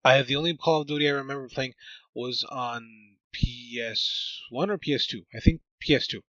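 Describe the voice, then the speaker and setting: This podcast host's medium-pitched voice has a sharp tone at a normal speed as he recaps a film casually, joking, laughing frequently and adding exasperated asides. The recording is lo-fi, dull and dry, with no echo.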